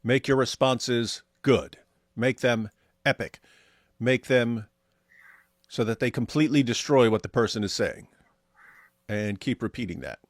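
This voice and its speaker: A man's voice: mid-range voice, unhurried, pauses often, dry recording, clean studio sound. A man co-hosting a casual livestream, reading viewer chat aloud with sardonic humor. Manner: sardonic, mock voices for quoted viewers.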